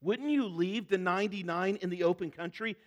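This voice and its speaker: A man preaches to his congregation with a high-pitched voice. He tells a long anecdote, slipping into the voices of the people in it, then moves on to reading scripture. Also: normal speed, highs cut off. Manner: storytelling, acting out quoted speakers. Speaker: pastor. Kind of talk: sermon.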